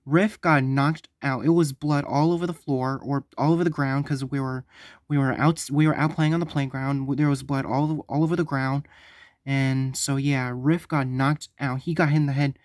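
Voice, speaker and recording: Man vlogger, middle pitch, stumbling storytelling, very dry sound. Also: steady tone, a little mellow, dry recording. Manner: halting, stumbling, repeats himself. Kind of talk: storytime vlog.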